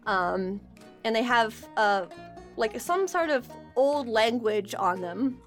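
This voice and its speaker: A woman's voice: on the high side, animated, slow pace, soft background music. A woman narrating as game master, rambling and laughing, often restarting her sentences.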